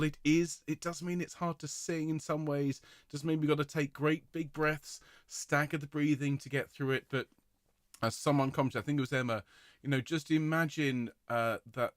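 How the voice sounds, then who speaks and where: A choir director leads an online rehearsal in a mid-range voice, full of enthusiasm and warm praise, sometimes singing a vowel to demonstrate it. The studio sound is clean, with no echo.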